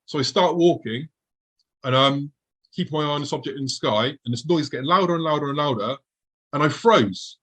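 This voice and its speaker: A man's voice: on the high side, a little fast, a bit bright, poor audio. A man, a guest on the show, vividly recounting a personal encounter and acting out his own past thoughts as he goes.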